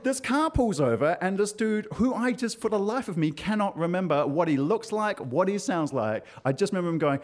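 A man telling a personal story on stage, animated and self-mocking, with frequent filler sounds. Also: high-pitched, brisk, few pauses.

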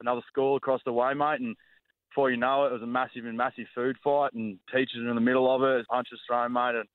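An Australian man calling in to a radio show, halting and saying mate constantly. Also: mid-range voice, level tone, no echo. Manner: says mate a lot, halting. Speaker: caller. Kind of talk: phone-in chat. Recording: tinny phone line.

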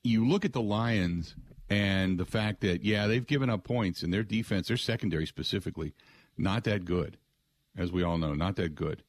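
A middle-aged man hosting sports talk radio, excitable and rambling, often putting on other people's voices. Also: sits low, moderate pace, no room sound. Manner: excitable, mimics voices, frequent restarts.

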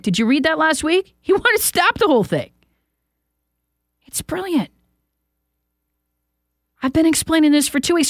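A woman's voice: high-pitched, no echo, studio quality. A woman hosting a talk show, delivering an emphatic, opinionated and mocking political monologue. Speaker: talk radio host.

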